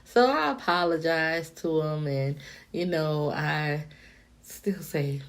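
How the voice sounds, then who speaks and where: A woman with an unusually deep voice and a gritty, crackling edge to it tells a story to camera. She is from the Miami-Dade area and talks bluntly and profanely. Her delivery is animated and conversational. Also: slow. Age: adult, past her younger days. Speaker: vlogger. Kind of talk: casual storytime monologue.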